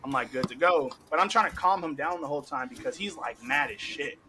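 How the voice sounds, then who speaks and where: A young man hosting a podcast, telling a story in a casual, animated way, laughing often and acting out what people said. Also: fairly high pitch, quick pace, very noisy. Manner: animated, laughing, heavy cursing, acts out quotes. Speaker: podcast host.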